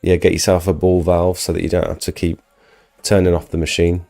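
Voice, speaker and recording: Low-pitched and mellow but creaky, a man's voice moves briskly in a monotone as he hosts a live stream. He's chatting casually through viewer questions about pressure washing while he recovers from an illness and his voice gives out.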